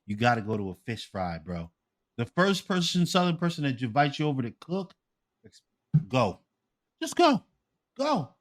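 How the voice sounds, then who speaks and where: A man co-hosting a podcast, telling stories in a loud, profane, animated way. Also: medium pitch, normal speed. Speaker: podcast co-host. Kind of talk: casual podcast chat.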